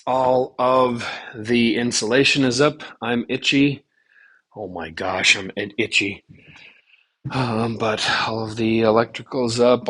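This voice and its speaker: A man's voice: lowish voice, fairly bright tone. A young man casually narrating his own home renovation for his vlog, muttering to himself as he works and measures. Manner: mumbling to himself, offhand. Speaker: DIY vlogger. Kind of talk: casual narration while working. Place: unfinished basement room under renovation. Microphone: phone camera.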